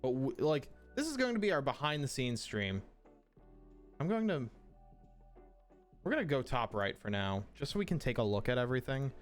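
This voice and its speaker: A man's voice: mid-range voice, sing-song, normal speed, long pauses, soft background music. Casual swearing male streamer. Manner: thinks aloud, swears casually, apologetic. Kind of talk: casual live-stream chat. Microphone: streaming mic through an audio mixer.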